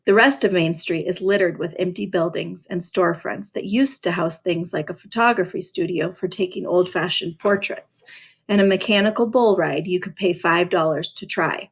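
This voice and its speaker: A woman's voice: lowish voice, normal speed, vocal fry, breathy edge. A woman reading a first-person novel aloud in a dry, sarcastic voice, stopping now and then to talk to her listeners about it. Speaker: reader.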